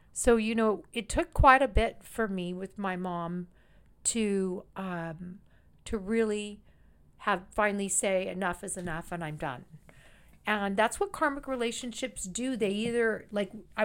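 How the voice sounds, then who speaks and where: A woman's voice: mid-range voice, clear, resonant tone. A woman in casual podcast conversation, working as a psychic medium, talking in a chatty, emphatic, rambling way.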